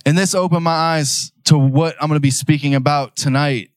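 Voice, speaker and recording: A young man preaching a sermon, telling a personal story in a casual, conversational way and building to loud, emphatic declarations. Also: a little high, steady tone, normal speed, hardly any pauses, clean tone, dry recording, clean studio sound.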